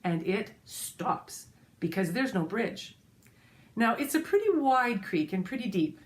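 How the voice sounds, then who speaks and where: A woman storyteller telling a folk tale to children, expressive and speaking straight to her listeners. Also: a little high, unhurried. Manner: expressive, addresses listeners directly.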